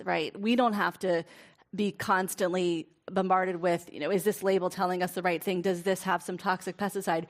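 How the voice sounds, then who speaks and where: A woman speaking as a guest in a panel discussion, earnest and thoughtful, with frequent fillers. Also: medium pitch.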